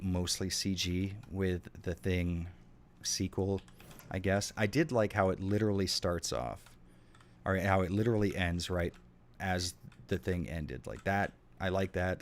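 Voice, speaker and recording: While playing a game on stream, a man with a deep voice chats casually with viewers, rambling and swearing a lot as he responds to their messages. A keyboard clatters in the background.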